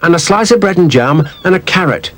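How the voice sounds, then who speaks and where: A man's voice: high voice, animated, brisk, a bit bright, voice pushed up. A man voicing a bossy little girl who loves secrets.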